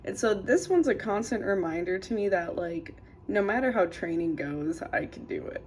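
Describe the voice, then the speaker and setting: A woman's voice: medium pitch, lively intonation, normal speed, darkish tone, a little hiss or hum. A young woman from Minnesota in a chatty, joking vlog, poking fun at herself as she talks through her day. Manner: chatty, joking, self-mocking. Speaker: vlogger. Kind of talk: casual vlog chat.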